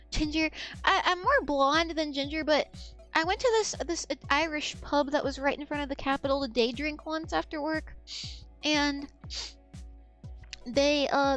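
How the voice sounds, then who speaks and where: A woman in her twenties chats casually as a streamer, rambling, losing her thread and swearing freely. Her voice is high and a bit bright.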